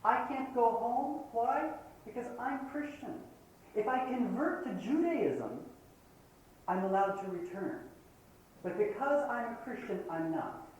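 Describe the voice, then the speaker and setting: A man's voice: very high-pitched, lively intonation, measured pace, a little mellow. Impassioned man lecturing in an echoey hall. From Palestinian. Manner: impassioned, argumentative, quotes opponents in shifting voices. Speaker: guest lecturer. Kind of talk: university lecture. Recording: roomy hall, distant mic, faint hiss, old tape.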